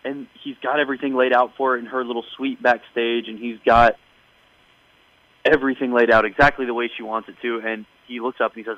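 A man talks casually as a podcast host, recapping a string of events with wry, bemused asides. His voice is mid-pitched, and the recording sounds dull and a bit lo-fi. The room is dead and dry, with no echo. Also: little pitch movement, brisk. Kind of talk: casual chat.

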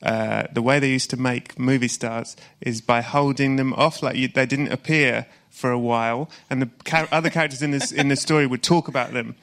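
A man's voice: mid-range voice, fairly even intonation, a little fast, few pauses, fairly bright tone. A man hosting a podcast live on a cinema stage, teasing his guest and putting his questions with mock ceremony. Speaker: podcast host.

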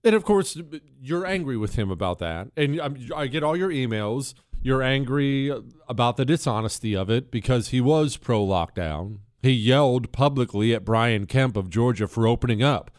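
A man's voice: medium pitch, expressive, normal speed, hardly any pauses, dry recording. A man hosting a talk radio show, delivering an emphatic monologue full of rhetorical questions. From Texas.

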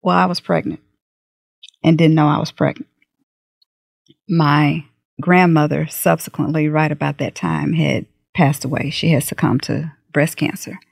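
A middle-aged woman tells a personal story in an interview, her voice gravelly with a touch of fry. She speaks candidly and livens her telling by acting out what people said. The recording is dry and close, with no room sound. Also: sits low, no room sound. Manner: candid, animated retelling with acted-out dialogue. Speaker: guest.

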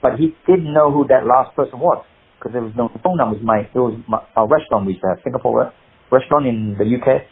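An older man from the UK, a martial artist and actor, telling animated anecdotes in an interview, acting out the people he quotes and laughing at his own stories. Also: mid-range voice, fast talker. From United Kingdom. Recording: husky voice over a tinny phone-like line.

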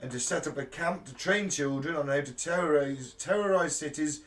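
A man's voice: fairly high pitch, normal speed, distant mic. A man co-hosting a podcast in casual chat, teasing the others and laughing. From England. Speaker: podcast co-host.

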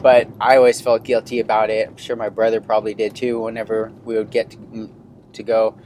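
A man's voice: fairly low pitch, completely flat delivery, brisk, a little mellow, slight background noise. Rambling man in his thirties hosting. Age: 30s. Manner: rambling, many fillers and restarts. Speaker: podcast host. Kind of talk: casual personal storytelling.

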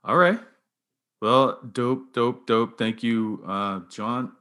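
A man interviewing a guest in a casual, slangy way, asking quick questions. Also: mid-range voice, sharp tone.

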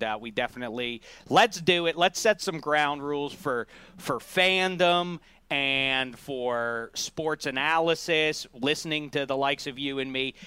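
A man hosting a sports podcast, chatting casually with jokey, animated banter. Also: medium pitch, clean tone, dry recording. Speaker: podcast host.

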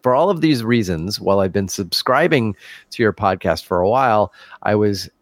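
A man's voice: lowish voice, animated, normal speed, no room sound. Guy on a podcast reading an email, trips over words, laughs at himself, dry sound. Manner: stumbling, self-deprecating, laughs often. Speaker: podcast co-host. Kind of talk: casual podcast chat, reading a listener email.

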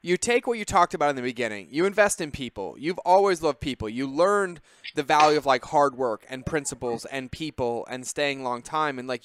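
A man's voice: a little high, fairly bright tone, smooth, no room sound. A man hosting a podcast in an enthusiastic, affirming way, chatting casually with his guest. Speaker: podcast host. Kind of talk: casual interview chat.

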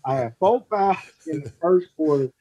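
A male podcast guest with a husky voice, telling a story in relaxed slang. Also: on the high side, normal speed, muffled recording. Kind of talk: casual storytelling chat.

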